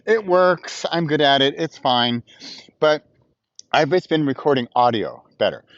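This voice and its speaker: A man's voice: fairly high pitch, very animated, a little slow, dry recording, lo-fi sound. A man talking in a casual morning vlog outdoors by a small pond, hyped up and playful, recorded on Bluetooth headphones. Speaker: vlogger.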